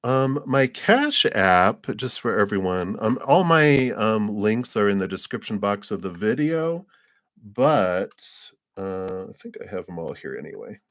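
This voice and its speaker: A man with a very low voice gives a live tarot reading over the stream. He takes his time, wanders through his thoughts with plenty of "um" and "you know", and chuckles now and then. His voice sounds close and dry, with no room echo. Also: sing-song. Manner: unhurried and rambling, with frequent fillers and soft laughs. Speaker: tarot card reader.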